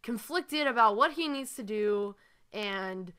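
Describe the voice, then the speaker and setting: A woman's voice: medium pitch, expressive, slow pace, sharp tone, smooth. A woman voicing a doting, lovestruck female ghost cat in a mocking, gushing way.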